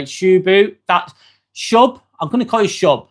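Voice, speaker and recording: High-pitched and a little slow, an English man hosts a loose, chatty live stream through a phone mic. He keeps things relaxed, reads out what viewers write, and peppers his talk with ums and casual swearing.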